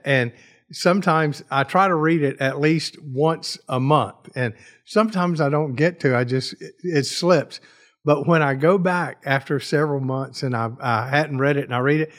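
A man appearing as a guest author on a faith talk show, speaking earnestly and reflectively. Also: fairly high pitch. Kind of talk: casual chat.

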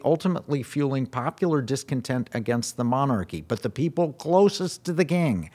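A man's voice: mid-range voice, darkish tone. A man hosting a radio talk show, chatting casually and reading quoted passages aloud with asides.

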